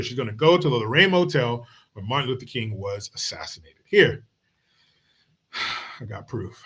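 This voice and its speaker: A man's voice: mid-range voice, lively intonation, moderate pace, fairly bright tone, husky. Blunt, mocking male podcast host. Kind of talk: political commentary rant.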